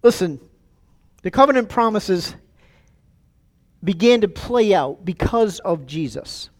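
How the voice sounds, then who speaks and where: A male pastor with a fairly high voice preaches a sermon. He talks with animated energy, repeats words as he builds his points, and calls out to the congregation. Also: slow pace. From United States. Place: church sanctuary.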